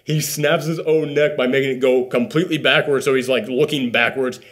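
A man's voice: medium pitch, a little fast. A man hosting a casual spoiler review, telling the plot with lots of "like" and acted-out bits. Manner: animated storytelling, many "like" fillers. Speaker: movie reviewer host.

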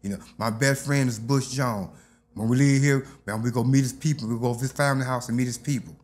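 This interview guest, a man from Detroit, USA, uses a mid-range voice at a slightly fast pace. He tells his story informally and with energy, playing out the words of others.

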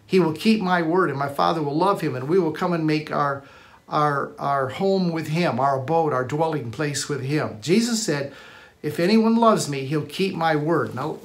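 Male pastor, live-streamed sermon, emphatic repetitive delivery, a bit high-pitched. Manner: emphatic preacher, repeats key phrases, frequent restarts.

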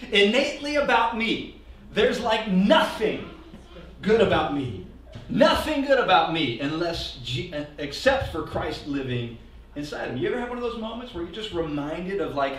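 A man preaching a lively sermon as pastor, leading the congregation in call-and-response. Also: high-pitched, a little hiss or hum. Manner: animated, leads call-and-response, asks the congregation to repeat lines. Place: church hall. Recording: echoey hall, mic heard from a distance.

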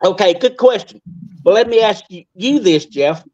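A man, a guest who talks fast and stays insistent but polite in a heated online debate. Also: high voice, expressive, darkish tone, highs cut off.

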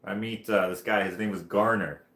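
A man's voice: fairly low pitch, fairly even intonation, normal speed, fairly bright tone. A man hosting a livestream, telling a long casual story in a rambling way, laughing and restarting often. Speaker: livestream host. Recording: roomy echo.

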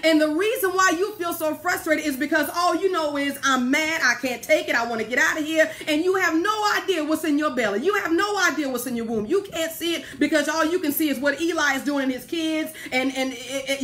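A woman pastor with a Southern American accent preaching an animated sermon, acting out prayers and laughing as she goes. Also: high-pitched, fairly quick, hardly any pauses. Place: church sanctuary.

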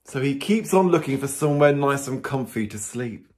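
A man's voice: medium pitch, moderate pace. A man, a priest reading a story to small children and getting them to count along. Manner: animated, asks the children questions and counts along.

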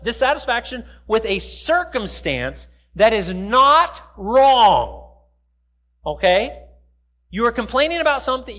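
A man with a very high-pitched voice delivers a sermon in a church. His preaching is conversational and down to earth, and he slips into the voices of the people he quotes. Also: a bit bright. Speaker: pastor. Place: church sanctuary.

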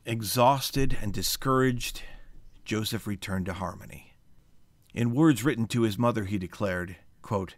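A man co-hosting a scripture study show, reading a historical account aloud in a measured storytelling way. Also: on the low side, no room sound.

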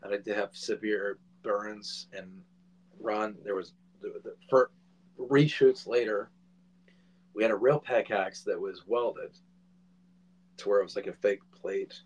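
A man in his forties, a filmmaker guest, telling a casual anecdote in an animated way and swearing freely. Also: on the low side, a little slow, long pauses, slightly rough, rough recording.

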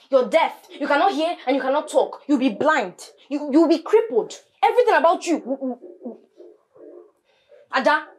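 A high, sharp-tongued teenage girl who heaps curses and scorn on her sister in a Nollywood film. Her comes through, and she stumbles over her words when she is heated. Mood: mocking. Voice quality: scornful, cursing, stammering when worked up.

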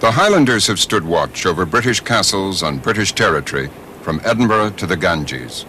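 A man narrating a documentary in a measured, solemn storytelling manner. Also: deep voice, big pitch swings, sharp tone, slight background noise. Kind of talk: scripted narration.

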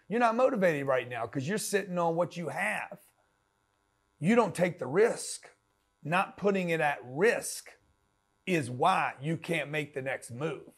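A man giving a blunt, slangy motivational talk as a business coach, pushing the listener hard. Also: a little high.

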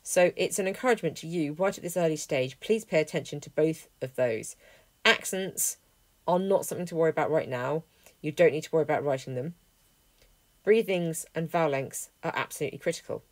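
A woman teaching a language lesson, explaining clearly and methodically, working through a text word by word. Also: sits low, a little fast, no echo. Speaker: Greek teacher. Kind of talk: lesson walkthrough.

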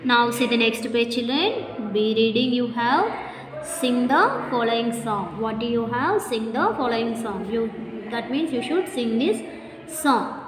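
A woman teaching English to schoolchildren in an Indian accent, speaking slowly and repeating words and phrases for the class. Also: fairly high pitch, animated, music in the background. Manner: slow, repetitive, addresses children, drills words aloud. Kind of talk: classroom lesson recording. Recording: echoey room, noisy class behind.

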